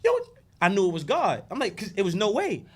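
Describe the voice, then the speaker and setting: Animated man preaching in casual talk. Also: high voice, fast talker. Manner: preachy, animated, profane storytelling. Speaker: podcast guest. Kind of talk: casual podcast conversation.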